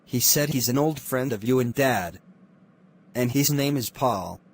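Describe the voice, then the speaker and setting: A man voicing a curious teenage son who speaks softly and asks questions, with faint background noise. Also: mid-range voice, measured pace, breathy edge.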